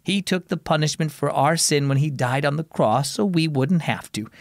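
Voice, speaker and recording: A man voicing a calm, reassuring mom. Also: fairly high pitch, normal speed, vocal fry, no room sound, clean studio sound. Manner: gentle, explaining.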